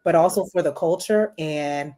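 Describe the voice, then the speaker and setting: A deep-voiced woman in her forties talks at normal speed as a podcast guest. She's a marketing executive sharing stories casually, animated and chatty, with many a "you know" thrown in.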